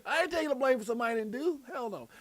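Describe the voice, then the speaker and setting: A man with a Brooklyn accent hosting a casual crypto livestream, reading out motivational quotes and breaking into loud shouts and laughter. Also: very high voice, expressive, rapid-fire. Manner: reads out quotes and preaches motivational sayings.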